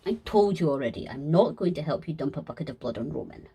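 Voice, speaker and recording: A woman voicing a gloomy, blunt young man who grumbles flatly in a fan audio sketch. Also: low-pitched, fast talker, breathy edge, voice pushed down, full character voice. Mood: grumpy.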